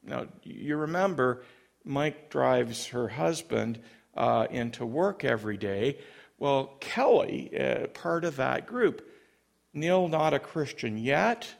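A man preaching as a pastor, telling a story in an animated way and acting out voices. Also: medium pitch, takes it slowly, creaky. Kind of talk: sermon storytelling.

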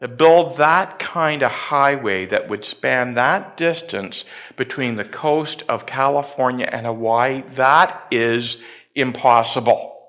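A man voicing a solemn male genie who turns down a wish, speaking slowly and flatly. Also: medium pitch. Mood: grave. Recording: dull lo-fi sound.

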